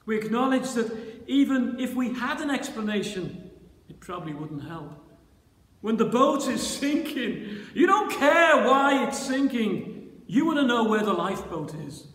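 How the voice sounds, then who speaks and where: A male pastor delivers a slow, deliberate sermon in a very high voice. His delivery turns dramatic, rising to shouted cries at its peaks. The church around him rings with long, roomy reverb. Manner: dramatic, voice rising to shouts when voicing the disciples. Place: church sanctuary.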